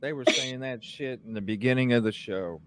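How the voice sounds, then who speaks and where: A man's voice: medium pitch, a little fast. A man hosting a live podcast, ranting heatedly and cursing constantly, often asking "you know what I'm saying?". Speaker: podcast host. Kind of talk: heated live-stream rant.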